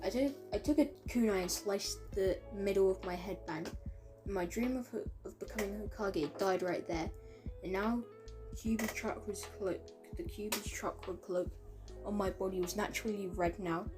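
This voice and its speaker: A woman's voice: mid-range voice, normal speed, over music. A woman reading a fan-made story aloud in a casual way, stumbling over words and correcting herself. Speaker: reader of fan fiction.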